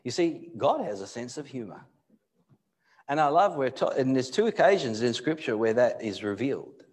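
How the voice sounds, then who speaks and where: A male pastor giving a live sermon in church, moving between loud emphatic bursts and low, quiet asides. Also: very animated, normal speed, breathy edge. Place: church hall.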